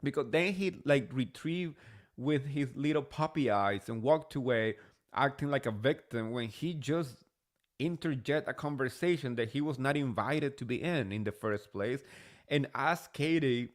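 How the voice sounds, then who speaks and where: A man's voice: mid-range voice, measured pace. A man hosting a casual reality TV recap, chatty and gossipy, swearing freely. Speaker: host.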